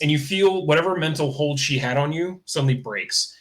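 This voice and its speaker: A man's voice: a little high, a little fast, fairly bright tone. A man narrating a tabletop game as game master, in a casual, loose style with fillers like "kinda" and "uh".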